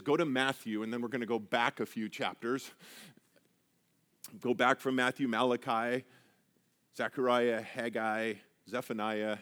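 A man preaching an earnest, conversational sermon, reading scripture slowly and with emphasis. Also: mid-range voice. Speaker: pastor.

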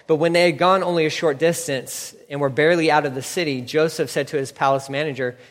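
A male preacher reads scripture, then drops into conversational commentary and drives his points home by repeating them. His voice sits a little high for a man. The sound rings out with the long reverb of a large hall. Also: fairly even intonation, fast. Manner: conversational asides, emphatic repetition. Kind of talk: sermon reading scripture with commentary.

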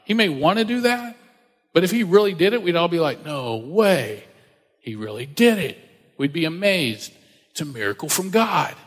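A man preaching in a relaxed, conversational sermon, his voice sitting a little high for a man. He acts out the voices in the stories as he goes. The sound carries a long reverb, like a large hall. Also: slightly rough. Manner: animated storytelling, acts out quoted voices. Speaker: pastor. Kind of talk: casual sermon.

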